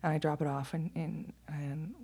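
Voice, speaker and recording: A woman's voice: low-pitched, flat delivery, moderate pace, mellow, breathy edge. A woman talking in a casual monologue, candid and blunt, swearing freely, laughing often and now and then dropping to a near whisper.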